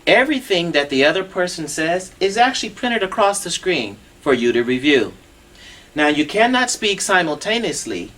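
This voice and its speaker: A man's voice: high-pitched, very animated, normal speed, a bit bright. A man demonstrating assistive telephone equipment on a TV show, patient and instructive, walking through each step.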